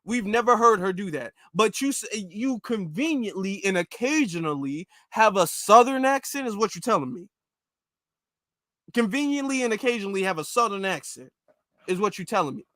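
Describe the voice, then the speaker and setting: A man's voice: sits high, animated, normal speed, fairly bright tone, no room sound, clean studio sound. A man hosting his own channel, giving emphatic, repetitive reaction commentary and driving his points home over and over.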